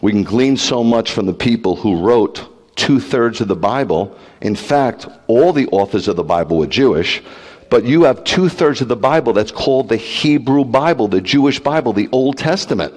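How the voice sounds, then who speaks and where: Blunt, animated rabbi in a reverberant hall. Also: male voice, lowish voice. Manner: animated, blunt, teasing, full of rhetorical questions. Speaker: rabbi, preacher. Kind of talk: livestreamed sermon.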